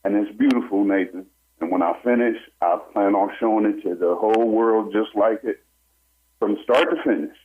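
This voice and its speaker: A man's voice: fairly low pitch, normal speed. A man, a barber and homeowner, telling his own story to a talk show host with urgency and acting out what other people said. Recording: slightly muffled with faint noise.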